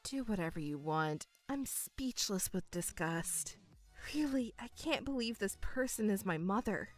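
A woman voicing a patient young woman, an elder daughter, speaking in a restrained, exasperated and quietly sarcastic way. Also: on the high side, lively intonation, normal speed, faint music behind, lightly acted. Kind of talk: voiced story narration.

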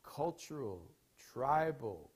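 A man's voice: mid-range voice, very animated, slow, slightly rough. Man, preacher, sermon storytelling, rambling, emphatic, mid-range voice. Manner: rambling and emphatic, with swings in loudness.

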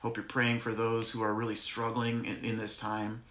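A man's voice: fairly low pitch, monotone, normal speed, a bit bright. A man giving an earnest, conversational devotional sermon as pastor, repeating phrases for emphasis. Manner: earnest, repetitive, conversational preaching with self-corrections. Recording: echoey room.

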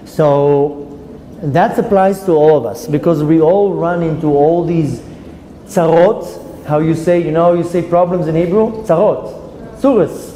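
A man, a rabbi giving a Torah class, telling stories in an animated way with many restarts. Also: on the high side, a little slow. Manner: storytelling, animated, frequent restarts. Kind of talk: Torah class talk with anecdotes. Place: classroom at a women's institute. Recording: roomy hall with faint ambient noise.

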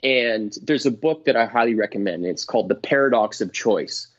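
A middle-aged man, a comedian guest, telling stories in casual chat, animated and swearing, acting out voices. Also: lowish voice, normal speed. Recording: dull lo-fi dry sound.

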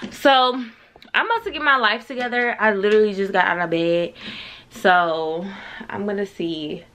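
A woman's voice: on the low side, a bit bright, slight background noise. A young woman vlogging casually to camera at home, chatty and blunt, swearing freely and talking in slang. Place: at home, just out of bed.

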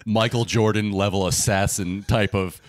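A man's voice: lowish voice, steady tone, normal speed, no echo, studio quality. A man in casual podcast chat about comedy films, often restarting his sentences and swearing casually.

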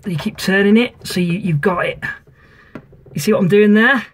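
A man's voice: high-pitched, moderate pace, slight background noise. A man casually talking through a sink tap repair, rambling with many ums and self-corrections, filmed on a phone under a kitchen sink. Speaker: amateur DIY video maker. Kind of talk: casual how-to walkthrough.

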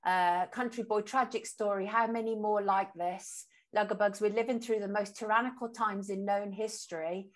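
A woman's voice: medium pitch, fairly even intonation, normal speed, hardly any pauses. Sympathetic woman hosting a live stream. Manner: sympathetic, reads viewer comments aloud. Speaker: host.

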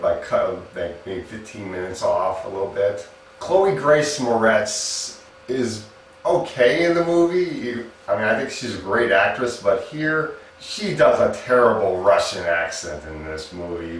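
A man's voice: lowish voice, a little hiss or hum. A man giving a casual spoken movie review, chatty and laughing at his own jokes, with frequent restarts. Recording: echoey room, mic at a distance.

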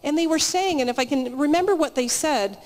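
A woman's voice: sits high, brisk. A woman giving a conversational sermon at a church meeting, telling stories in a chatty way with frequent restarts. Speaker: guest speaker at church meeting. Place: church hall, live meeting. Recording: reverberant live church hall.

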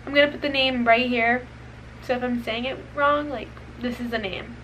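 A nineteen-year-old woman talks through a try-on haul in a high, bright voice. She is chatty and expressive, dropping "like" into every sentence, over a faint background hiss. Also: moderate pace, rough recording. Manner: chatty and expressive, heavy use of "like". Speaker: beauty and fashion vlogger. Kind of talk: casual try-on haul chat.

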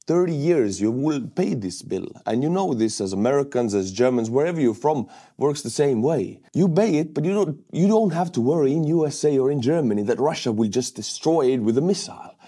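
A man's voice: mid-range voice, expressive, fairly quick, few pauses, dark tone, slightly rough. A young man from Estonia giving a casual, upbeat video commentary with enthusiasm. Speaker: war news vlogger.

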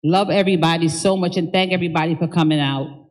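A woman's voice: on the low side, fairly even intonation, fast talker, a little mellow. A woman speaking as the daughter at a memorial service, giving a heartfelt eulogy and then thanking the gathered mourners, emotional and stumbling over her words at times.

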